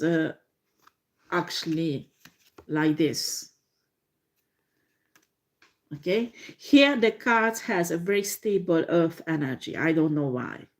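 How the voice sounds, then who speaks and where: A woman reading tarot in a slow, halting way, with many fillers and frequent laughter. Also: medium pitch. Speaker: tarot reader.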